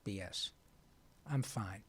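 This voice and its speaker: A man's voice: on the low side, slow pace, breathy edge, no room sound. Earnest man telling his story, dry sound. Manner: earnest, animated, frank. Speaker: guest voice actor. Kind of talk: interview storytelling.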